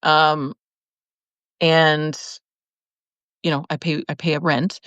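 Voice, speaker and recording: A woman hosting a live video, reading out viewer comments and answering in an animated way, laughing often and restarting her sentences. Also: low-pitched, slow, no room sound, muffled recording. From lived in Chicago, now in California. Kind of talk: casual live-stream talk.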